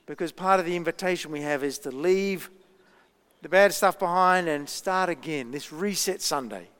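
High-voiced pastor in an echoing church. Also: male voice, a bit bright, smooth. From Australia. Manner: chatty storytelling, frequent ums and pauses. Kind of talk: children's talk and sermon. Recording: long reverb in a church hall.

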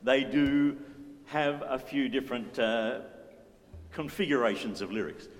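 A man's voice: mid-range voice, a little slow. Playful man leading church. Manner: playful, joking, coaxing the congregation. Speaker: worship leader. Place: church hall. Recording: reverberant church hall with faint music.

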